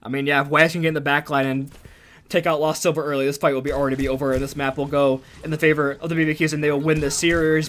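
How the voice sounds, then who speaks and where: A man doing play-by-play commentary as an esports caster, excitable and rising to shouts on big plays. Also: on the high side, fast talker.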